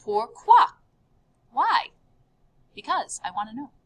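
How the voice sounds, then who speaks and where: Upbeat Midwestern woman teacher, unhurried, measured delivery, repeats each word with rising emphasis. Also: fairly high pitch, animated. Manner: upbeat, drills words with sharp rising repeats. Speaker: French teacher. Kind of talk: recorded classroom lesson.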